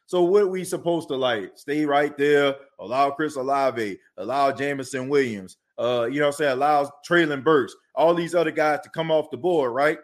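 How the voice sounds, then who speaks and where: A man's voice: a little high, normal speed, hardly any pauses. A man hosting a sports podcast, ranting heatedly and repeating himself. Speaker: podcast host. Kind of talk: casual sports talk.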